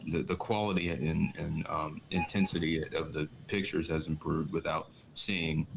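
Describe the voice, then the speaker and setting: Man, very deep voice, gravelly, hesitant, casual panel chat. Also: fairly even intonation, normal speed, noisy background. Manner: hesitant, searches for words. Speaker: panel guest.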